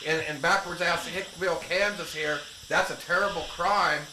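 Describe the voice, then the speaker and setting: A man's voice: fairly high pitch, fairly even intonation, normal speed. A man telling blunt, rambling stories in a casual talk radio chat. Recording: echoey room with clear noise.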